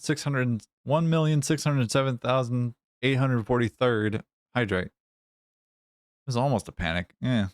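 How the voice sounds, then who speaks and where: Non-native English-speaking male streamer, unhurried, jokey and profane, dry sound. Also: medium pitch, no room sound. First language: not English. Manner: joking, swears freely, mock-apologetic. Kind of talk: casual live-stream chat while playing.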